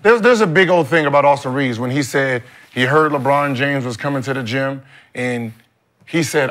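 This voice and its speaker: A man co-hosting a sports podcast, arguing loudly over others and swearing freely. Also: mid-range voice, normal speed. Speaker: podcast co-host. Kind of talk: heated sports debate.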